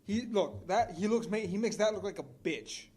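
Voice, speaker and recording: A man co-hosting a casual movie podcast, excitable and swearing freely. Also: sits high, normal speed, slightly rough. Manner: profane, excitable, swears a lot. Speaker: podcast co-host.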